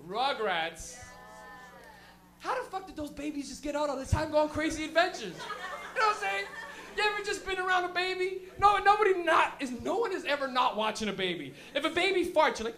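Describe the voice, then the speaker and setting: Hosting a live club stand-up show, a man with an extremely high-pitched voice talks at normal speed. His comedy is animated and profane, full of laughter and shouting for effect.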